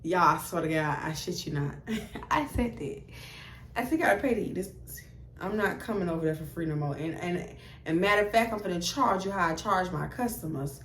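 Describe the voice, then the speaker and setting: A woman's voice: lowish voice, fairly quick, reverberant, a little hiss or hum. Blunt profane young woman telling a story. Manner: blunt, profane, animated, acts out both sides of the dialogue. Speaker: storytime vlogger. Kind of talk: casual storytelling to camera.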